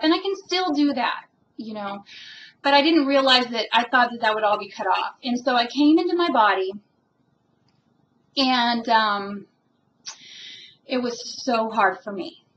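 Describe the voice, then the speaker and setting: A woman with a somewhat high voice talks in a casual personal monologue, earnest and emotionally moved. She rambles and pauses with plenty of fillers. The audio is dull and lo-fi with a faint hiss. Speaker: spiritual vlogger.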